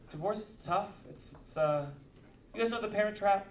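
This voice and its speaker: A man's voice: high voice, a little fast, recorded from a distance, lo-fi sound, background noise. A male stand-up comedian doing crowd work, teasing and profane, laughing as he talks. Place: comedy club stage. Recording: echoey club, audience laughter.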